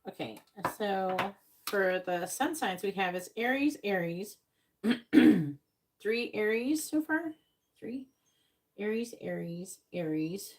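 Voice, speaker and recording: A woman's voice: medium pitch, expressive, roomy sound. A woman giving a psychic reading on a live stream, talking to viewers and listing signs, letters and numbers, a little exasperated when correcting them. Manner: talks to viewers, repeats and spells out signs, letters and numbers slowly. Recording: slightly distant mic with faint noise.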